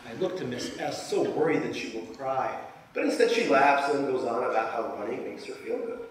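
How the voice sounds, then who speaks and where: A Soviet-born man reads his memoir aloud in a middle-pitched voice, with a dry, self-deprecating wit. He is picked up from a distance, deep in a very echoey hall, over a faint murmur of the room. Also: animated, a little fast, noisy background. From Soviet Union. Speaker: author. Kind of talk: reading a memoir aloud to a live audience. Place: large lecture hall.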